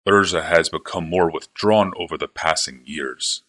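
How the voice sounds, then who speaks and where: A man reading a novel aloud, giving a stern, stony male commander curt, measured lines. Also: sits low, a bit bright.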